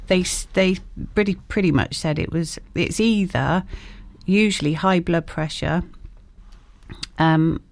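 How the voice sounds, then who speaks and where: A woman's voice: lowish voice, unhurried, vocal fry. A woman guest talking frankly and casually in an interview, with lots of fillers and restarts. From England. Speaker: guest, shop owner.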